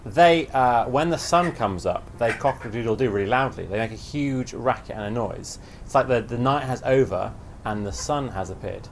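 A man's voice: mid-range voice, normal speed, vocal fry, roomy sound, recorded from a distance, slight background noise. A man giving a children's sermon in a chatty way and asking the children questions. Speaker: preacher.

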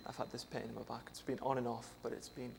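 Gravelly young Englishman telling a testimony. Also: mid-range voice, flat delivery, quick pace, darkish tone, in a large hall, a little hiss or hum. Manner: earnest, hesitant, with many fillers. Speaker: church intern sharing a testimony. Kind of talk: personal testimony.

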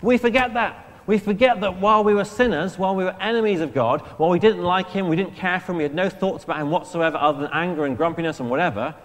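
Lively preacher man in a reverberant church. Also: high-pitched, fast, hardly any pauses. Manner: lively, conversational, asks the children questions. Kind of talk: all-age sermon.

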